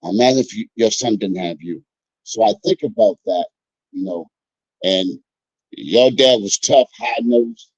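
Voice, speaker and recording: Animated man hosting a sports talk show. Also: on the low side, measured pace, breathy edge, no echo. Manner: animated, addresses listeners as folks. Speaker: podcast host. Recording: dull lo-fi sound.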